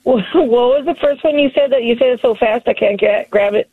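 An older woman in her sixties calls in to a radio show, chatty and quick to giggle. Her voice is high and husky, coming through a thin, tinny phone line. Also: dry recording. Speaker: caller.

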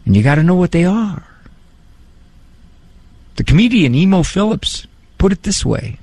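A man who is a psychologist, giving a casual talk on parenting and faith, animated and fond of mimicking voices for humor. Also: high-pitched, normal speed, dry recording. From Italian heritage.

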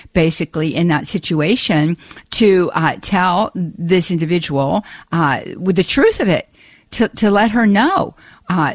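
A woman hosts a Catholic call-in radio program from a studio. Her delivery is earnest and measured, and she often repeats a word while she looks for the next one. The sound is dry, with no room echo. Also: on the low side. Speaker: radio show host. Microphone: studio microphone.

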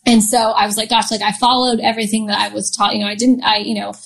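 A woman's voice: mid-range voice, little pitch movement, fast talker, gravelly. A woman in her thirties telling a personal story as an interview guest, chatty and often laughing, with many fillers.

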